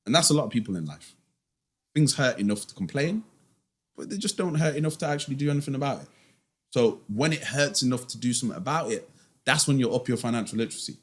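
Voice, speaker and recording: A man's voice: mid-range voice, lively intonation, quick pace, slightly rough. A man, a finance guest in a casual podcast interview, talking emphatically and firing off rhetorical questions in a slangy way.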